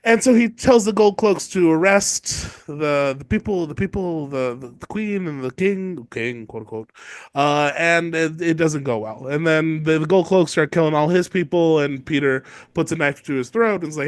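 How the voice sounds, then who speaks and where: A man co-hosting a podcast, giving a casual comedic recap of book chapters, swearing and mocking the characters with quick impressions. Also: fairly high pitch, smooth, no room sound. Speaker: podcast co-host.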